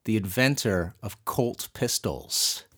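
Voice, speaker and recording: Lively, playful man hosting a podcast. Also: fairly low pitch. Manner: animated, playful, quick to laugh. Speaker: podcast host. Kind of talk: casual chat.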